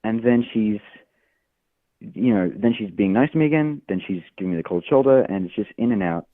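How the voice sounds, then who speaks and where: Deep-voiced Australian man on the phone. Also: lively intonation, brisk, dry recording. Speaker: caller. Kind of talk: call-in advice chat. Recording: phone line.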